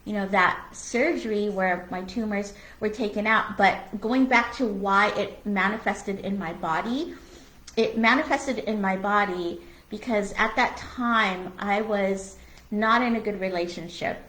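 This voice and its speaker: Co-hosting a spiritual conversation show, a woman speaks candidly and earnestly in a medium-pitched, unhurried, fairly bright voice. She uses plenty of "you know" and "like," is blunt, and swears now and then, all in an echoey room.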